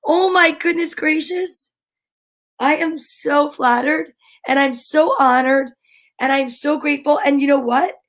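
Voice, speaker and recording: A woman hosting a show for young viewers, talking with gushing excitement and frequent gasps. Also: high-pitched, measured pace. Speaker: children's show host. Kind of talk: enthusiastic talk to young viewers.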